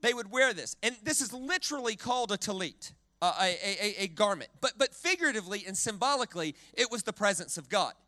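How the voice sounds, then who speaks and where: High bright preacher guy, dry sound, gets the crowd repeating words, lots of restarts. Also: quick pace, few pauses, no room sound. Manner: animated, leads the crowd in call-and-response repetition. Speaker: guest preacher. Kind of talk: sermon.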